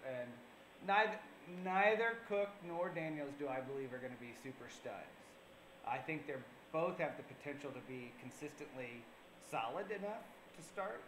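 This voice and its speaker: A man's voice: on the high side, animated, normal speed, reverberant, noisy background. A man co-hosting a fantasy football show on public access TV, talking casually and rambling with fillers. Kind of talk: casual chat. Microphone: on camera.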